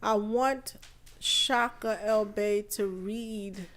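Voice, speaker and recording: A woman hosting a live podcast stream, feeling under the weather and chatting in an unhurried, rambling way full of fillers. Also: medium pitch, a bit bright. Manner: unhurried, chatty, thinking aloud with many fillers. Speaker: podcast host. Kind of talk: casual live-stream talk.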